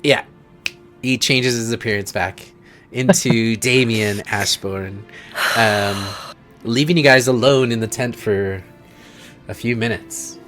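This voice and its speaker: A man's voice: medium pitch, takes it slowly, fairly bright tone, faint music behind. A man narrating a tabletop game as game master, hesitant with many ums.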